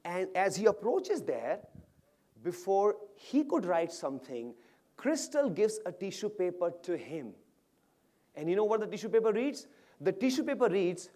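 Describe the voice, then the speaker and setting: A man giving an energetic motivational speech to an audience at an awards event, often asking the crowd questions. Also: sits high, normal speed. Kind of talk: animated stage speech to an audience. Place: large event hall with live audience.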